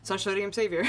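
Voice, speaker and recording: A woman's voice: medium pitch, noisy background. A woman streaming a fishing game, chatting casually, laughing and swearing between dialogue. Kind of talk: casual gameplay commentary.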